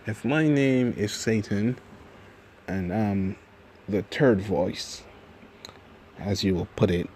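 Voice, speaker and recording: A man voicing a gruff male demon of wrath who lives inside a boy, explaining things offhandedly, over background noise. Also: fairly low pitch, takes it slowly, long pauses, darkish tone. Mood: offhand.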